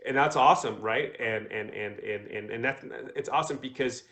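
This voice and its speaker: Co-host, male, mid-pitched voice, rambling and enthusiastic, casual podcast. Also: normal speed, bright, forceful tone. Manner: rambling, many fillers and restarts. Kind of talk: casual business chat.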